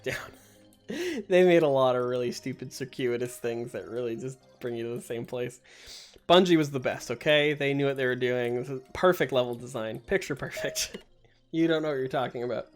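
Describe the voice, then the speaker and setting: A man's voice: medium pitch, a little fast. A man giving casual, joking commentary while playing a shooter game, laughing often at himself. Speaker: gameplay streamer. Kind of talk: casual let's-play commentary. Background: game music and gunfire.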